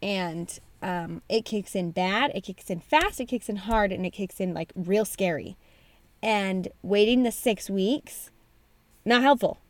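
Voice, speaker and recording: A woman's voice: mid-range voice, lively intonation, unhurried, dry recording. A woman in her thirties co-hosting a casual chat, talking frankly in a mid-range voice. The recording is dry and close, with no room sound. She often builds her points in runs of repeated phrases. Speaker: podcast co-host.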